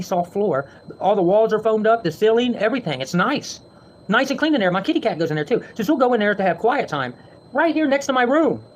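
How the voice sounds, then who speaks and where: A man ranting to his viewers from home, heated and defensive, with frequent swearing. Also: high voice. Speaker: vlogger.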